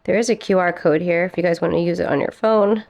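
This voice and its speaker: A woman's voice: fairly low pitch, steady tone, fast, gravelly, no room sound. A young woman chatting casually in a plant care vlog, a little out of breath and giggling now and then. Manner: chatty, giggly, talks softly to her plants. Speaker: plant vlogger.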